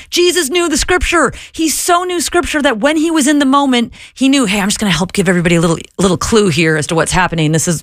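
A woman guest on a faith talk show, telling stories in an animated way and acting out the dialogue she quotes. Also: medium pitch, no echo, studio quality.

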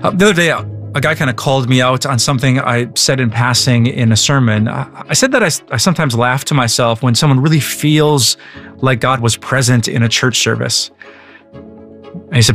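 A man's voice: medium pitch, a little fast, a bit bright, soft background music. A male pastor who prays and then answers a listener's question in a casual way, often stumbling and restarting his words. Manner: casual, many stammered restarts and repeated words.

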